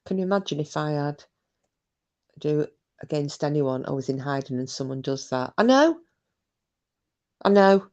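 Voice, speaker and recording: A woman's voice: low voice, moderate pace, warm tone, muffled recording. A woman hosting a live stream, chatting casually, reading out comments and talking bluntly with plenty of swearing. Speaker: livestream host.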